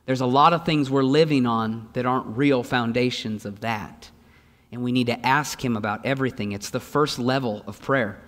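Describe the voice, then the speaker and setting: A man's voice: medium pitch, moderate pace, a bit bright, long reverb tail. A man, a pastor, preaching a sermon with lots of energy and repeated rhetorical questions to the congregation, sometimes acting out the voices of the people he quotes. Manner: acts out voices in quoted lines. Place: church sanctuary.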